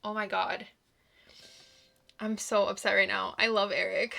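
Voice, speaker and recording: A woman's voice: medium pitch, level tone, unhurried, creaky, pushed and bright. A woman commenting on her visual novel playthrough, exasperated and exclaiming often. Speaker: let's play gamer.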